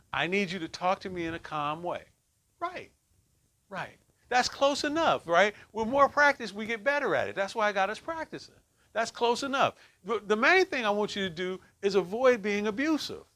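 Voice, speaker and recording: A middle-aged man leads a relationship workshop for a group, teaching conversationally and often checking in with "right?". His voice sits high and a bit bright, very animated, at a moderate pace.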